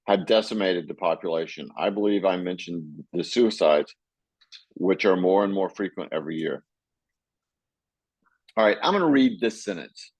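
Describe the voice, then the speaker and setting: A man co-hosting a casual book chat, reading passages aloud and thinking out loud with many fillers and restarts. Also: sits low, no echo, rough recording. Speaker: podcast co-host.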